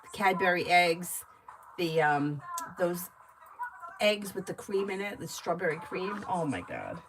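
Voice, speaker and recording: A woman gives live tarot readings in a chatty, easygoing way and laughs often. She rattles off card meanings in quick bursts. Steady background noise runs under her voice. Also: fairly low pitch. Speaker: tarot reader.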